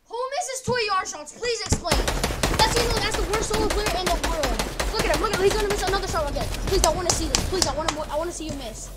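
A woman streaming a game with teammates, yelling and trash-talking loudly with lots of swearing. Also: extremely high pitch, very fast. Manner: loud, profane trash-talking. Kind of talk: live game-stream chatter. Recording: noisy stream audio.

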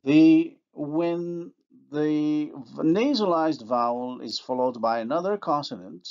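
Slow-paced male phonology lecturer. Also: fairly high pitch, dull audio. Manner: slow, deliberate, pausing to model example words. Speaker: university lecturer.

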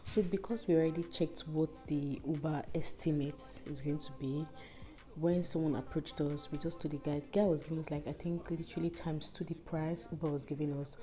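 A woman chatting to camera in a house for her travel vlog, tired and a little rough-voiced, rambling and laughing between thoughts. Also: low voice, fairly even intonation, a little fast, dark tone, faint music behind. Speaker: travel vlogger. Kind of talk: casual vlog chat. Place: indoors in a house.

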